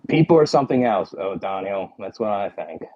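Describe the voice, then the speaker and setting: A man's voice: deep voice, very animated, fairly quick, muffled recording. A man with a Philadelphia accent chatting casually with his livestream viewers, rambling and full of "like" and "you know".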